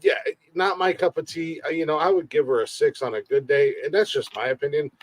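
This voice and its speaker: A man's voice: on the high side, brisk. A man co-hosting a comedy podcast livestream, chatting casually, rambling and joking with frequent laughs. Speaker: podcast co-host. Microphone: livestream mic.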